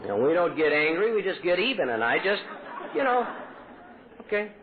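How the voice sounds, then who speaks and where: A man's voice: very animated, moderate pace, background noise. A man speaking at a recovery meeting, telling his story earnestly and acting out quoted lines with his voice. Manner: earnest, acts out quoted dialogue with pitch jumps. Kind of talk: personal storytelling talk. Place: convention hall. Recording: tinny old tape recording.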